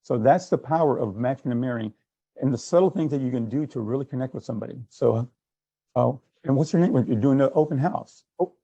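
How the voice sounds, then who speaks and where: A man's voice: mid-range voice, a little fast, gravelly, mellow, slightly rough, no room sound, highs cut off. A man giving a sales training workshop, conversational, acting out little exchanges as he goes. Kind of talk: workshop talk.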